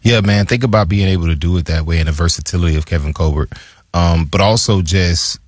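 A man in his thirties, a former player, telling casual stories in a lively way and jumping up in pitch when he quotes others. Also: slightly rough, no echo, clean studio sound. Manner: animated storyteller who jumps high when quoting others. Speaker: former player on a talk show. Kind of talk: casual storytelling chat.

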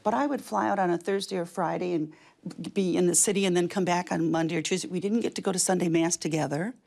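An older woman, a guest in an interview, telling lively stories full of quick asides. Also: lowish voice, creaky. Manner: lively, fast-moving anecdotes with quick asides. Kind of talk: animated storytelling.

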